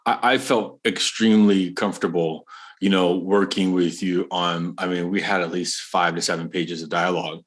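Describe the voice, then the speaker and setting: A man's voice: low voice, fairly even intonation, normal speed. A man hosting a podcast, asking rambling questions with frequent laughs and backchannel replies. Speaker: podcast host. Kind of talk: casual interview chat.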